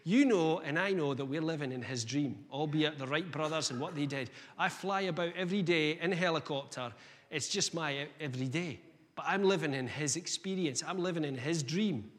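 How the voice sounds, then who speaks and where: A man's voice: fairly high pitch, fairly quick. Man preaching in an echoing hall. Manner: energetic, conversational preaching with rhetorical questions. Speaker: guest preacher. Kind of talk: sermon. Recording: long reverb of a hall.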